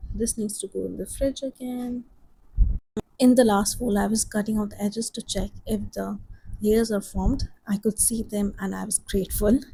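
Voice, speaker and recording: Young woman, cooking tutorial voice-over, mellow and a bit breathy, calm and encouraging. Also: medium pitch, low-quality recording. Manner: calm, encouraging step-by-step explanation. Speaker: home baker.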